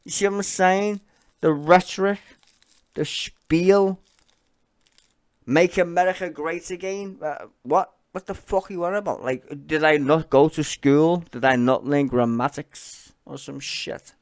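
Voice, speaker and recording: A man's voice: on the high side, fairly even intonation, a little slow. A young man ranting bluntly about politics while reacting to clips, sweary and sarcastic. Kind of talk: casual profane rant.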